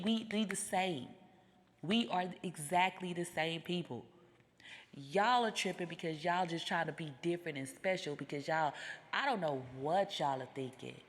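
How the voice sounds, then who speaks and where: Casting: American woman, low voice, combative profane rant, long reverb on the recording. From United States. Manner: confrontational, emphatic, profane. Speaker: vlogger. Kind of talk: ranting monologue.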